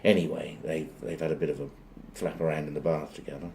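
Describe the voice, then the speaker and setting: Deep-voiced rambling joke teller. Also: male voice, little pitch movement, fast talker, vocal fry, mellow, slight background noise. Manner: rambling, digressive, dry asides. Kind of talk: rambling comic storytelling.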